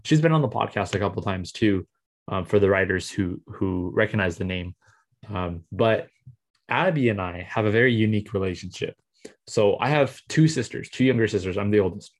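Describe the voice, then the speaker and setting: A man's voice: fairly low pitch, lively intonation, fairly quick. A young man hosting a podcast, chatting casually and telling playful stories with lots of fillers and restarts. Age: young adult. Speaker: podcast host. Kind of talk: casual chat.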